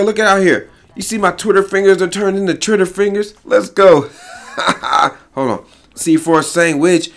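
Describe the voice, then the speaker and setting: Male gaming host, slightly high voice, brash slang-heavy play-by-play, quick to laugh. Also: vocal fry, a bit bright. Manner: boastful, hype, slang-heavy, laughs often. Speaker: gaming YouTuber. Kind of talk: energetic gameplay commentary. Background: faint background music.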